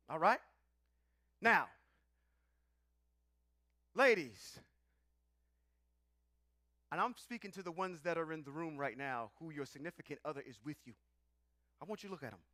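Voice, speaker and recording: A man leading a live-streamed scripture teaching in a playful, animated way, calling out to the people in the room. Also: on the high side, dry recording, clean studio sound. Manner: animated, playful, calls out to the audience.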